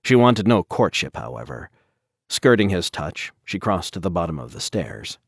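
A man narrating a dark story as an audiobook, in a measured, even storytelling manner. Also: low voice, slightly rough, dry recording, clean studio sound.

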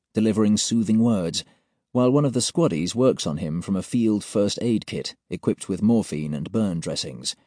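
Guy narrating an audiobook, mellow low voice, steady formal report-reading tone. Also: no room sound, clean studio sound. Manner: measured, formal report-like delivery.

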